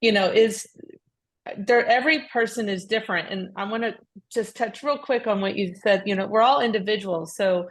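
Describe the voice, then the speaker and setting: Animated woman telling a personal story. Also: mid-range voice, normal speed. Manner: animated storyteller, frequent restarts, laughs easily; acts out quoted speech with raised voice. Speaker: podcast co-host. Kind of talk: casual conversation, personal story.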